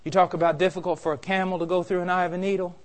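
A man preaching a sermon with passion, building to loud urgent peaks and dropping to quiet, intense warnings. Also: high voice, little pitch movement, rapid-fire.

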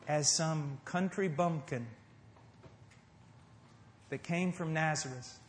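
Impassioned high-voiced male preacher, echoey hall. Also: slight background noise. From United States. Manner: impassioned preaching, swinging between loud emphasis and hushed tenderness. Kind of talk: sermon. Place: church service before a congregation.

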